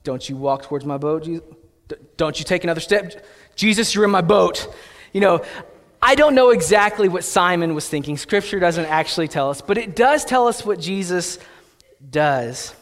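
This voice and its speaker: A young man preaches in an easy, storytelling style, dropping in playful asides. His voice sits notably high. Long reverb rings after his phrases, as in a large church hall. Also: a bit bright. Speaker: pastor. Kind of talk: sermon.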